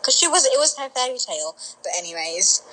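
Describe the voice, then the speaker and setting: A young woman co-hosting a podcast over a phone call, chatty and quick to laugh. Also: sits high, sing-song, crowd noise. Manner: chatty, laughing, eager interjections. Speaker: podcast co-host. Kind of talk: casual chat.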